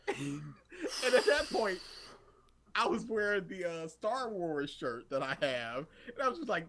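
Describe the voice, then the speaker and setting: Young male co-host with a lively, high voice; tells anecdotes and plays out all the voices. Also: a little slow. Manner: animated storyteller, acts out quotes, laughs often. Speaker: podcast co-host. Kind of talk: casual chat.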